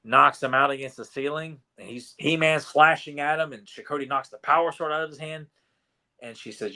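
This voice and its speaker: A man co-hosting a podcast, recapping a cartoon in casual chat, animated and restarting often. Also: mid-range voice, fairly quick. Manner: animated, acts out quotes with many restarts. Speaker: podcast co-host.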